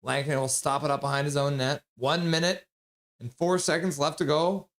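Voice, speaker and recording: A man streaming live play-by-play commentary, joking with viewers between calls and getting loud and excited on big plays. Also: on the high side, normal speed. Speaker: streamer calling the game live.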